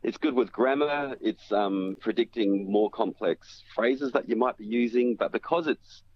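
A man's voice: medium pitch, unhurried, slightly rough. A man explaining phone technology on a radio show, step by step, with frequent fillers and restarts. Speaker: tech commentator. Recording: dull lo-fi radio audio with faint hiss.

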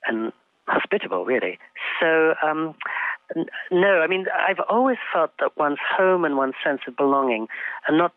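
A man's voice: a little high, sing-song, no echo. An older man from England talks through an interview in a thoughtful, articulate way, with frequent ums as he gathers his thoughts. His voice comes through a tinny, narrow phone line. The sound is dry, with no room around it. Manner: thoughtful, articulate, halting with fillers. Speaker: interview guest. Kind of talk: reflective interview conversation.

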